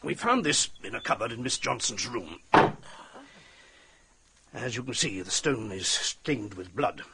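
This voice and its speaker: Blunt gruff police captain, matter-of-fact, voice goes up and down a lot. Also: male voice, medium pitch, expressive, measured pace, very noisy. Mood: brusque.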